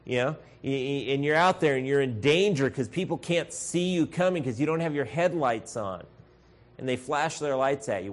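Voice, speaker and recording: A pastor preaches a sermon in an earnest, direct way, calling his congregation "folks" and acting out shouted voices. His mid-range voice is animated and moves at a moderate pace.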